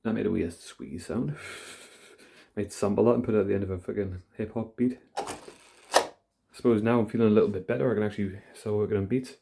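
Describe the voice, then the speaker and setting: A man's voice: on the low side, fairly even intonation, a little fast, darkish tone. A young man vlogging at home, talking in a rambling, profane, casual monologue. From United Kingdom. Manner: rambling, profane, rough-edged. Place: at home, indoors.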